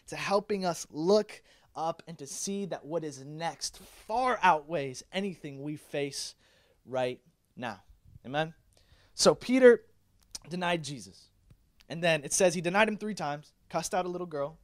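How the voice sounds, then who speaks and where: A young man delivers a youth sermon with a slightly higher-than-usual voice. His talk is casual and animated, loose with fillers and restarts, and he acts out the lines of the people he talks about. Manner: casual, animated preaching with many fillers and acted-out quotes. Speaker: youth pastor.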